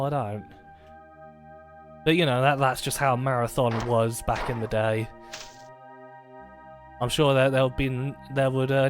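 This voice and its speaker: A man talks through a game on a live stream, loose and rambling and full of fillers and false starts. He pokes fun at himself as he goes. Faint game music plays behind him. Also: mid-range voice. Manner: rambling, self-deprecating, many fillers and restarts. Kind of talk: casual live-stream commentary.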